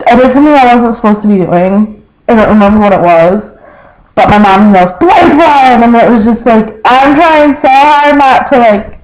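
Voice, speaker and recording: A man's voice: high voice, moderate pace, a little mellow, lo-fi sound. A young man vlogging about his family in a casual, rambling way, packed with "like" fillers and quoted relatives. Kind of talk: casual personal storytelling.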